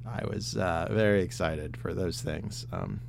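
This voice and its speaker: A man co-hosting a podcast, telling a story in casual chat, acting out his own excited shouts and whispers. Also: low-pitched, a little slow, gravelly, a little hiss or hum. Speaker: podcast co-host.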